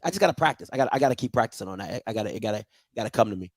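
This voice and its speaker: Sports call-in host, man, teasing and laid-back, gravelly, dry mic. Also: medium pitch, huge pitch swings, racing, no echo. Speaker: sports talk show host. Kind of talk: casual live call-in sports talk.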